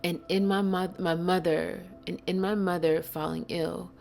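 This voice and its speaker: A woman giving a blunt, earnest and emotional spiritual monologue, stressing slow words and sometimes dropping to a whisper. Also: fairly low pitch, flat delivery, gravelly, darkish tone, faint music behind. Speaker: spiritual channel host.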